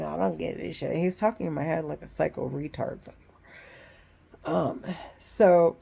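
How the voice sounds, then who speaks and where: With a creaky voice, a woman rambles through an informal monologue, cursing and restarting often. She shifts back and forth between loud, agitated outbursts and quiet muttering.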